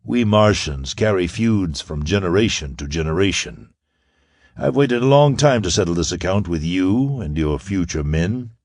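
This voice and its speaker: The voice of a smooth half-Martian villain is performed by a man in an audiobook, cold and animated as he gloats with quiet, ironic menace. He speaks very low and drawn-out, with rich rises and falls. The recording is close, dry and free of room sound.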